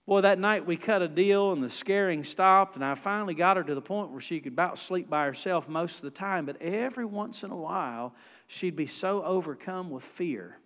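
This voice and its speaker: A male pastor, preaching a sermon in a folksy, animated storytelling manner. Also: sits high, normal speed, long reverb tail.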